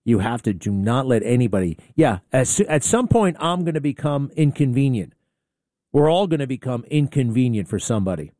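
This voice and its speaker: A man hosting a talk radio show, delivering a blunt, sarcastic and excitable monologue. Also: mid-range voice, brisk, no echo, clean studio sound.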